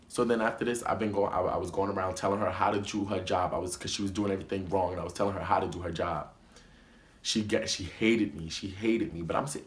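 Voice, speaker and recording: A man's voice: lowish voice, fairly quick, roomy sound. A young man telling a story time vlog in an emphatic, indignant way, often repeating himself. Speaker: vlogger.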